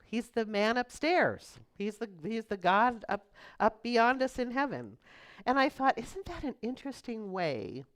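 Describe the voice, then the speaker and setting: A middle-aged woman minister giving a chatty, storytelling sermon with quick asides. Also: on the high side, lively intonation. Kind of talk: conversational sermon.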